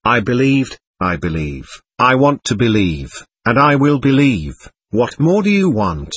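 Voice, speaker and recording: A man's voice: medium pitch, big pitch swings, a little slow, fairly bright tone, husky, dry recording, full character voice. A man reading an audiobook and voicing a weary, irritable young male novice.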